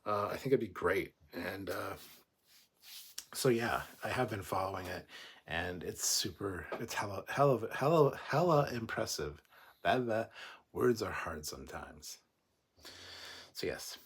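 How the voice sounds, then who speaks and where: A man with a slightly husky voice sitting low in pitch talks loosely through a livestream. He jokes and rambles, stumbling over his words now and then, as he reads viewer comments aloud. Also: lively intonation, measured pace. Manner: joking, chatty, rambling with restarts. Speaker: livestream host. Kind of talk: casual livestream chat, reading viewer comments.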